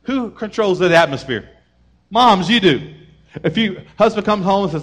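A male pastor delivers a lively sermon in a voice that sits a little high for a man. He talks to the congregation in a casual, conversational way and slips into short acted-out bits of dialogue. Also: moderate pace. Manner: energetic preaching, acts out family members in raised voices.

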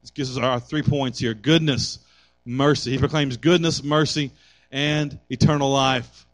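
A man's voice: mid-range voice, steady tone, unhurried. A middle-aged man preaching a sermon with call and response, building to impassioned exhortation. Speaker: pastor.

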